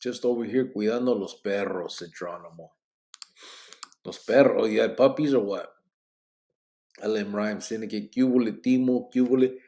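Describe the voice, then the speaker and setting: A man's voice: on the low side, normal speed, long pauses, mellow. A man, hosting a late-night live podcast, reading viewer comments aloud in a laid-back, joking way and mixing in Spanish slang, sounding sleepy and yawning. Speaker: livestream podcast host.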